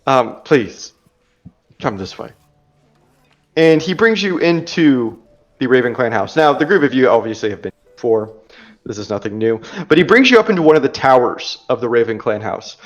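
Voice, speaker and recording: A man narrating a tabletop game as game master, casual and chatty with filler words, on a dull lo-fi recording. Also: medium pitch.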